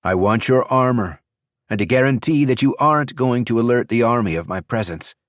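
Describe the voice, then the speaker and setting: A man voicing a calm, confident young male warrior who speaks firmly and levelly. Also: medium pitch, brisk, no room sound, clean studio sound, voice pushed up, lightly acted.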